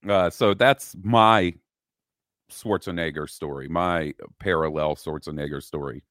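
A man's voice: extremely low pitch, a little slow, a bit bright, dry recording, clean studio sound. A man co-hosting a casual podcast, telling a story in a laid-back way with asides. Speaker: podcast co-host.

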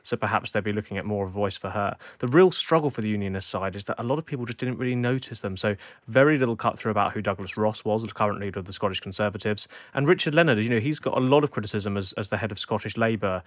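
Fast-talking male political analyst. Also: on the low side, no room sound, clean studio sound. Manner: fast, articulate analysis with fillers. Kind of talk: studio news discussion.

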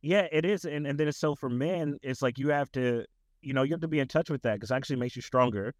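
A young man talking as a podcast guest in a relaxed, rambling way, full of fillers. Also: mid-range voice, fast, no room sound. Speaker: tutoring business owner, guest. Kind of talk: casual interview conversation.

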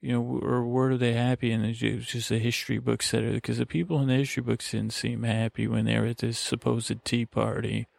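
A man's voice: mid-range voice, little pitch movement, a little fast, gravelly, hardly any pauses, no room sound. A man hosting a bedtime podcast, rambling in meandering circles and interrupting himself to help listeners fall asleep. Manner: meandering, self-interrupting, drowsy. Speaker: podcast host. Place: lakeside vacation spot.

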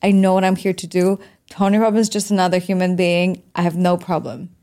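A woman's voice: lowish voice, little pitch movement, fairly quick. A woman hosting a podcast interview, asking questions in a casual, filler-heavy way. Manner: casual, warm-hearted, lots of fillers. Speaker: podcast host.

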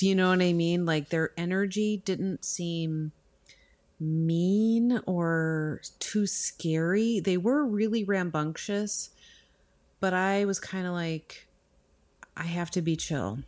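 A woman's voice: fairly low pitch, darkish tone. A woman in her thirties co-hosting a podcast from home, telling a story in a rambling casual way with lots of "like". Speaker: podcast co-host.

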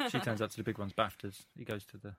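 A man's voice: on the low side, level tone, fast talker, sharp tone, slightly rough, no room sound. A man co-hosting a podcast, chatting casually and making dry jokes. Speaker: podcast co-host. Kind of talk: casual chat.

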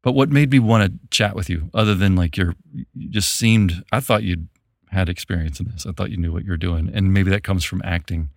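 A man from Memphis hosting a podcast, talking in a relaxed, rambling way with many restarts. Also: low-pitched, brisk, dry recording, studio quality. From Memphis, Tennessee, US. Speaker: podcast host. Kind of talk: casual conversation.

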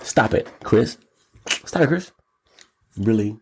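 A man hosting his own show, talking solo in an animated, exclamatory way, riffing and repeating words in long runs. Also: lowish voice, fairly quick, slight background noise. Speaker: show host. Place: Los Angeles.

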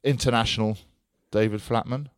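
A man's voice: on the low side, fairly even intonation, normal speed, no echo, studio quality. A man co-hosting a podcast in jokey, teasing casual banter. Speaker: podcast co-host.

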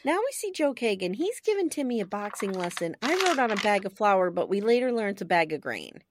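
A woman co-hosting a podcast in casual chat, animated and laughing often as she talks. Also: medium pitch, brisk, background noise. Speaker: podcast co-host.

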